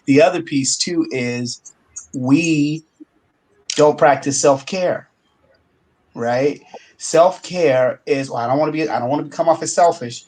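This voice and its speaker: A man's voice: fairly high pitch, measured pace, long pauses, a little mellow, low-quality recording. A man on a podcast panel, speaking reflectively and thinking aloud, with frequent fillers. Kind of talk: casual discussion.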